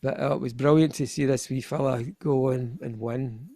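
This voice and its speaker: Gravelly-voiced Scottish man, rambling chat. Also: mid-range voice, steady tone, normal speed, dark tone, no room sound. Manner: rambling, with frequent restarts. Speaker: guest, keyboardist. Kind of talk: casual interview chat.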